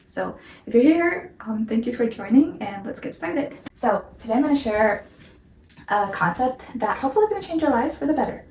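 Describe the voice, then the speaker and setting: A woman's voice: a little high, a little fast, a little mellow, a little hiss or hum. Young woman, casual explainer vlog, earnest, hedging, roomy echo, a bit far from the mic. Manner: earnest, hedging, repeats disclaimers. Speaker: vlogger.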